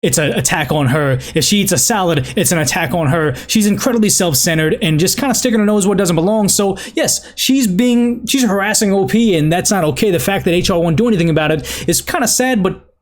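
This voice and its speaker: A man's voice: high-pitched, a little fast. A man with a Boston accent hosts a show where he reads online stories aloud, then gives rambling, opinionated commentary full of restarts. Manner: rambling, many restarts and fillers. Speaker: host reading and judging online stories.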